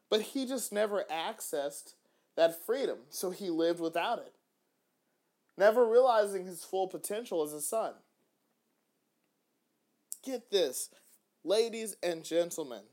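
A man hosting a faith-based podcast, talking in an animated way with frequent restarts. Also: sits high, a little slow, long pauses. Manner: animated, acts out little dialogues, frequent restarts. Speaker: podcast host.

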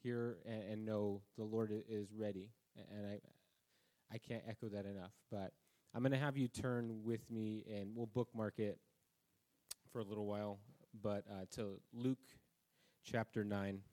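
A man's voice: on the low side, fairly even intonation, normal speed, mellow. A man preaching a conversational sermon at a church service, telling anecdotes about himself. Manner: casual, self-deprecating, anecdotal. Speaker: pastor.

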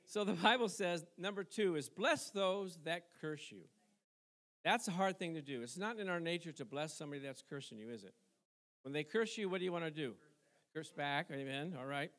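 A middle-aged man with a notably high voice preaches a sermon in an easy, conversational way. He keeps asking the congregation questions, waits for them to answer, and chuckles between his points. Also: animated, normal speed, fairly bright tone. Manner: conversational preaching with call-and-response asides and chuckles. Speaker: pastor.

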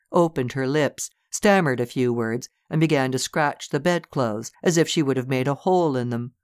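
A narrator giving a measured, dramatic reading of a classic story. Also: mid-range voice, no room sound, studio quality.

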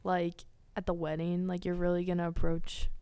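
A woman's voice: on the low side, completely flat delivery, normal speed, warm tone, clear, resonant tone, no room sound. A young woman co-hosting a podcast, chatting casually with many fillers. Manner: chatty, lots of "like", laughs easily. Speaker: podcast co-host. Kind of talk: casual chat.

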